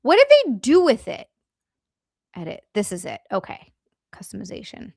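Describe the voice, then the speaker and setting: A woman's voice: fairly high pitch, huge pitch swings, moderate pace, gravelly, darkish tone, dry recording, studio quality. A woman hosting a casual livestream, chatting with her chat and effusively thanking viewers, giggly and bubbly. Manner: bubbly and effusive, giggly, chatty asides while navigating settings. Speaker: livestream host.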